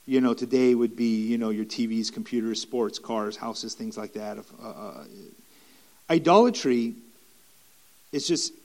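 A man's voice: mid-range voice, measured pace, darkish tone. A man preaching a sermon in an earnest, repetitive way, with restarts and rising emphatic stretches.

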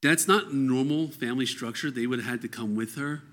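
A man's voice: medium pitch, fairly quick, fairly bright tone. A man reading scripture aloud and explaining it verse by verse in a conversational teaching style. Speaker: Bible teacher.

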